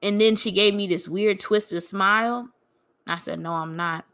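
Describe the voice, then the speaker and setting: A young woman talking candidly about her grief and about hurtful people at her church, in a frank, quietly aggrieved way. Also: medium pitch, moderate pace. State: grieving. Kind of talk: casual personal storytelling.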